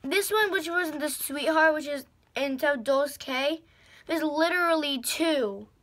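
A young woman filming an excited unboxing vlog, gushing and bubbly, with lots of "like" and "literally". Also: sits high, slow pace, a little hiss or hum. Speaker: vlogger.

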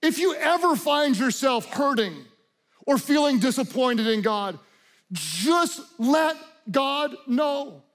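A middle-aged male pastor preaching a sermon with passion, dropping to quiet and rising to shouts. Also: very high-pitched, big pitch swings, takes it slowly.

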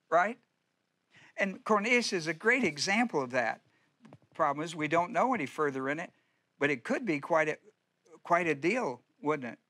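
A middle-aged man delivers a sermon in the loose, conversational way of a Bible-study teacher. His voice sits a little high and sounds bright and forceful. He often repeats and restarts his phrases and poses rhetorical questions to his listeners. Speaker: pastor.

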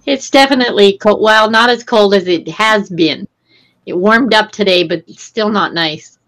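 A woman calling in to a live stream, chatting in a relaxed way. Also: medium pitch, normal speed. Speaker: call-in guest. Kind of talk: casual call-in chat.

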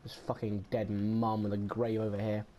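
A man giving gameplay commentary, getting frustrated, swearing a lot and yelling in bursts. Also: fairly low pitch, monotone, normal speed, a little hiss or hum. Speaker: gamer. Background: game music.

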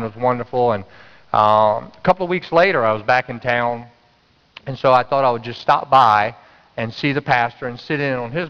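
A man from North Carolina, preaching a sermon and telling a story animatedly, acting out his own inner voice. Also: clean tone. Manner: animated, acts out his own inner voice with sudden high jumps. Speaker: pastor. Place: church sanctuary. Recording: dull, reverberant church sound.

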